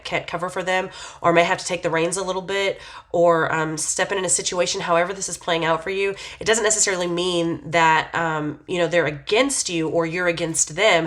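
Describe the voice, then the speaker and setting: A woman's voice: lowish voice, a bit bright. A woman giving a casual tarot reading, talking in a meandering, hesitant way full of fillers as she muses on what she senses. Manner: reflective, intuitive musing. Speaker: tarot reader.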